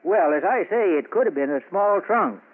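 An actor playing a nosy, rambling small-town druggist with a drawling, homespun way of talking, in 1940s radio comedy style. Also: male voice, sits high, expressive, normal speed. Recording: tinny old radio broadcast.

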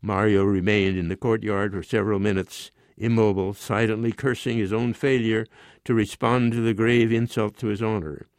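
A man in his nineties reading his own short story aloud in a measured, unhurried way. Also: lowish voice, fairly even intonation, clean tone, dry recording. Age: 90s.

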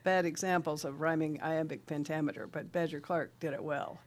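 An older woman from South Dakota, a rancher and writer, appears as a guest on a radio interview, telling stories in a low voice at normal speed. She's lively, laughs often, and now and then breaks into recited verse.

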